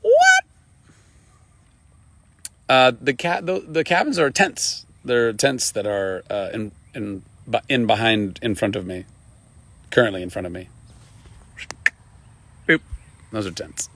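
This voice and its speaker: A man's voice: lowish voice, lively intonation, unhurried, pauses often, a bit bright, no echo. A man chatting casually on a live stream outdoors by a river, rambling with many fillers and laughing often. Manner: rambling, full of fillers and repeated "you know what I mean".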